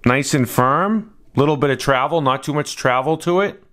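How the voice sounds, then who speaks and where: A man's voice: fairly high pitch, normal speed, fairly bright tone. A man narrating a casual hands-on product review in a laid-back, matter-of-fact way.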